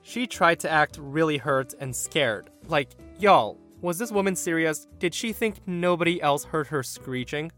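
A man hosting a podcast, reading revenge stories aloud with sarcastic, animated delivery. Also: fairly high pitch, unhurried, hardly any pauses, soft background music. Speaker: podcast host.

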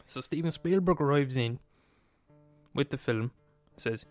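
Swearing, animated man. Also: mid-range voice, unhurried, dry recording, soft background music. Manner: animated, swears freely, digresses. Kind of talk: casual storytelling monologue.

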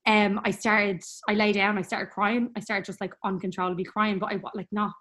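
A young woman telling a personal story in a chatty, rambling way, full of fillers and quick laughs. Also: mid-range voice, flat delivery, a bit bright. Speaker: guest.

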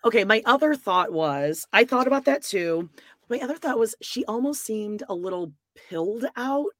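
A woman's voice: a little high, lively intonation, normal speed, fairly bright tone, dry recording, clean studio sound. A woman in casual gossip chat, talking with lots of fillers and giving blunt opinions.

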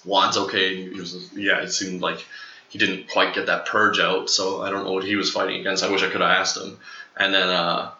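A young man telling a long story in casual chat, rambling, with many fillers and quoted lines acted out in a higher voice. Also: little pitch movement, normal speed, pushed and bright, roomy sound, highs cut off, slight background noise.

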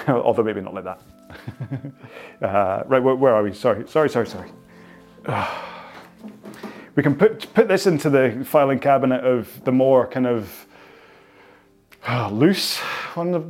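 This is a Scottish man leading a stretch class as he chats loosely and pokes fun at himself. His voice is gravelly and low at the edges, and he laughs often. Faint music plays in the background. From Scotland. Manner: chatty, self-mocking, laughs often, goes off on tangents. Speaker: fitness instructor. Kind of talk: rambling casual stretch-class talk. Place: indoors, on the floor while stretching.

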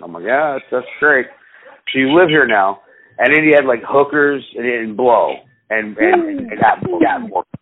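A man's voice: mid-range voice, very animated, normal speed, husky. A man telling rambling, profane stories in a casual chat with friends. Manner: swearing, rambling storyteller. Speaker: podcast co-host. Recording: tinny phone-like sound.

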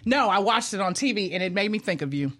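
A woman's voice: medium pitch, animated, quick pace, fairly bright tone. A woman co-hosting a radio show, reading announcements and teasing her co-hosts with a laugh. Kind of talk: casual radio chat.

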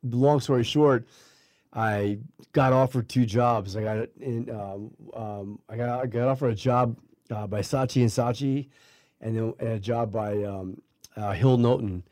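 A man's voice: medium pitch, a little slow, a little mellow, dry recording, studio quality. A middle-aged man casually telling a long story, with many restarts and fillers, acting out what people said. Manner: rambling, many restarts and fillers, acts out quoted voices. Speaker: guest telling a life story.

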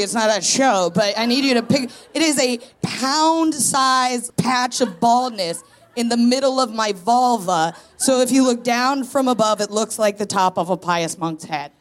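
A woman's voice: on the high side, slight background noise. A woman in her thirties doing a chatty, self-deprecating stand-up set on a stage before a live audience. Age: 30s. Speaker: stand-up comedian guest.

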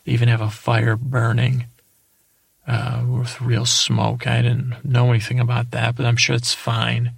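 Man with a very gravelly, husky voice playing a dull tour guide who rambles, hesitates and drifts off topic. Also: mid-range voice, completely flat delivery, a little slow, no echo. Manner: dull, lulling delivery. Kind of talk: improvised comedic monologue.

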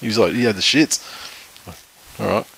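A man's voice: on the low side, normal speed, gravelly, a bit bright, a little hiss or hum. A man in his thirties, co-hosting a casual sports podcast, rambling and swearing freely. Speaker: podcast co-host.

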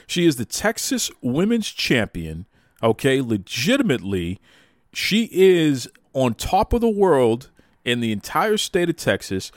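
A man hosting a wrestling talk show, excitable and playful, hyping people up with exaggerated praise. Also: medium pitch, measured pace, no room sound, clean studio sound. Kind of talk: hyped casual podcast talk.

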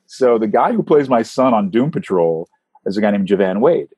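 Speaking at normal speed with a breathy edge, a man who voices characters tells lively stories in a casual interview, his pitch sweeping up to stress points. The recording is dry.

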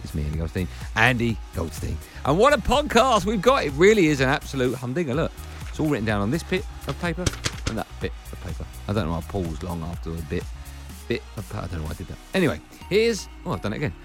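A male sports radio host rattles through his intro at speed. His pitch bounces up and down, and he keeps poking fun at himself. Faint music plays underneath. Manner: jokey, self-mocking, rapid patter. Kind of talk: chatty podcast intro.

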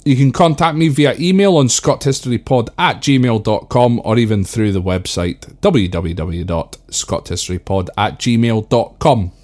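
A man's voice: medium pitch, moderate pace, few pauses, a little mellow. A man hosting a history podcast, talking casually and calling his listeners folks. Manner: chatty, addresses listeners as folks.

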